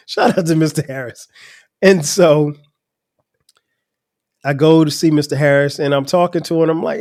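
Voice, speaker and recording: A middle-aged man telling a personal story on his podcast. His voice sits a little higher than most men's, and his telling is casual, chatty and full of laughs. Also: a little slow, long pauses, a little mellow. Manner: casual, conversational, laughs often. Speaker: podcast host.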